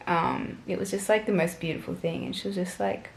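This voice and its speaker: A woman's voice: fairly low pitch, steady tone, fairly quick, gravelly, few pauses, roomy sound. A young woman vlogger telling a personal story to camera in a chatty, gushing way, full of fillers.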